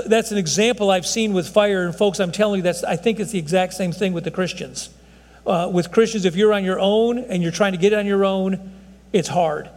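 A man's voice: high-pitched, in a large hall. A man in his sixties preaching a folksy sermon to his congregation, often saying "folks". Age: 60s. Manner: folksy, repeats "folks, I'm telling you". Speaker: pastor.

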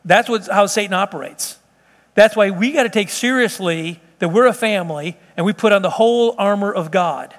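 A man's voice: high-pitched, normal speed. A man preaching a sermon from the pulpit, driving his points home with emphatic repetition. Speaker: pastor. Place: church sanctuary. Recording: long hall reverb.

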